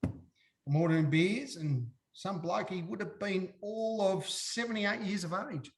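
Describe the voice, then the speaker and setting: Aussie bloke yarning away, slightly high voice, acts out all the quotes. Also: male voice, a little slow, gravelly, a little hiss or hum. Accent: Australian. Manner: animated, acts out quotes with big pitch jumps. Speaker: guest, former footballer. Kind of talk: casual storytelling.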